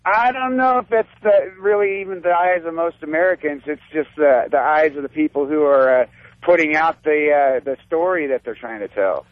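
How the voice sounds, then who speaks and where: A man chiming in on a radio talk show, speaking haltingly with many pauses. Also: fairly high pitch, dry recording. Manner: hesitant, halting. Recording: tinny phone-like line.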